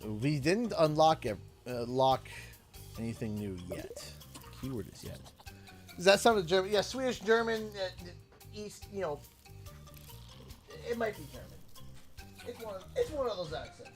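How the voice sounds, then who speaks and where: Excitable Canadian man streaming a game. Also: on the high side, a little slow, long pauses, faint music behind. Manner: excitable, jokey, talks to chat. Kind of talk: casual livestream game commentary.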